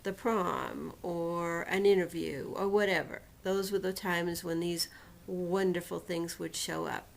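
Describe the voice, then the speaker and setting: A woman recounting a painful personal experience in a storytelling manner, slowly and deliberately, acting out what was said to her. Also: fairly low pitch, fairly even intonation, gravelly, slight background noise. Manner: emotional retelling, quotes others and herself dramatically. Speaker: personal testimonial speaker.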